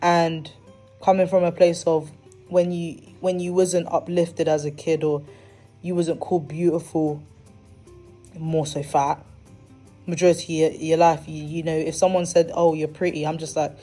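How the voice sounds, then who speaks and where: A young woman hosting a podcast delivers a casual, candid monologue with animation and slangy, dramatic asides. Her voice sits low and warm with a level tone at a moderate pace, and faint music plays behind her.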